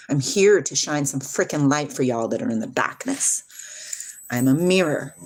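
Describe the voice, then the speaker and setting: A woman hosting a livestream, reading viewer comments aloud and answering them in a blunt, animated way, swearing freely. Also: fairly low pitch. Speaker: livestream host. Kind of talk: casual chat reading live comments.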